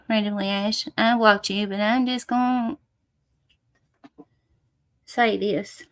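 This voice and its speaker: A woman's voice: medium pitch, steady tone, slow, long pauses, no room sound, clean studio sound. A woman hosting a casual livestream, greeting viewers with endearments and breaking into swearing rants. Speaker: livestream host. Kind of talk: casual live chat reading comments.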